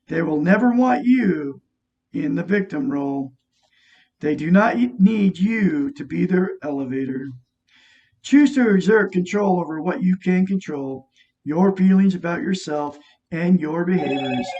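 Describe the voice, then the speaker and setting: A man with a high voice reads from a self-help book and drifts into casual, rambling stories, repeating himself and laughing as he goes. He sits away from the mic, and the recording sounds dull and lo-fi. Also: darkish tone, recorded from a distance. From Oregon, USA. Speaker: vlogger reading and commenting on a self-help book. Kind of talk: casual reading and chat to camera.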